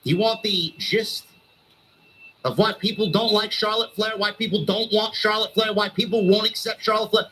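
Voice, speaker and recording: A man's voice: sits high, steady tone, normal speed, bright, forceful tone, a little hiss or hum, low-quality recording. A male streamer delivering a heated, sarcastic wrestling rant full of swearing.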